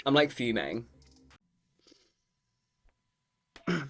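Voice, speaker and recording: A man's voice: medium pitch, very animated, drawn-out words, faint music behind. Sassy, profane man reviewing makeup. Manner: sassy, campy and profane, calls the viewer "girl". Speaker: makeup vlogger. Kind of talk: casual makeup review to camera.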